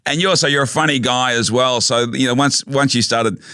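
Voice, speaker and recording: A man hosting a podcast, halting and repeating words as he asks long questions. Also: medium pitch, pushed and bright, clean tone, no echo, studio quality. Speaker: podcast host. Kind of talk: casual chat.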